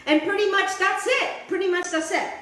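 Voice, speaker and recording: A woman's voice: very high-pitched, brisk, fairly bright tone, heavy reverb, poor audio. A woman hosting a cooking show, chatting casually to her viewers as she demonstrates a recipe in her kitchen. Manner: chatty, addresses viewers as guys, repeats "just like that".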